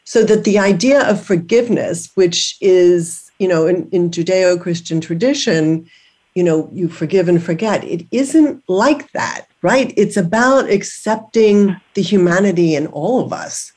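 A woman's voice: lowish voice, lively intonation, measured pace, darkish tone. A woman hosting an interview, asking reflective questions in a searching way, circling and repeating as she goes. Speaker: podcast host.

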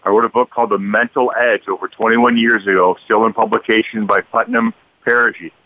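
A man's voice: on the low side, steady tone, brisk, no echo. A man in his sixties, a radio guest, speaking in a confident, motivational way. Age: 60s. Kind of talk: radio interview. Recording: dry phone-line sound.

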